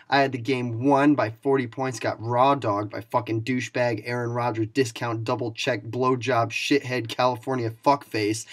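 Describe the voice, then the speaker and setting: A young man in a profane, mock-angry comedic rant to camera, playing a league commissioner who insults his fellow video makers with sarcasm. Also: mid-range voice.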